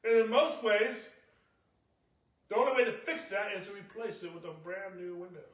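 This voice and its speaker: Male pastor, high voice, emphatic repetitive preaching, echoey room, a bit off-mic. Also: moderate pace, far from the mic. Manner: emphatic, repetitive preaching with many "okay?" asides. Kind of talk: sermon.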